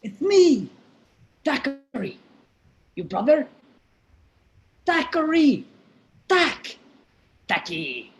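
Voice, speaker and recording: A lisping, limping masked man, as a woman puts him on, urgent and evasive. He often drops to a whisper and pleads with a slightly high voice. A live play reading over a video call. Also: lively intonation, a little slow, reverberant. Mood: pleading. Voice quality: lisp.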